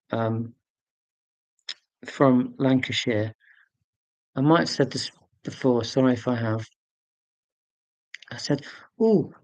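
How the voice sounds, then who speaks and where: Man, casual live-stream host, mid-pitched, dry close sound, rambling and self-mocking. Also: a little mellow, no echo. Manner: rambling and self-deprecating, with many fillers; reads out and answers viewer comments.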